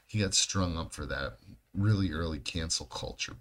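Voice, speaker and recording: A podcast co-host with a low, slightly bright voice speaks at a moderate pace, telling rambling stories in casual chat. He swears heavily and laughs a lot.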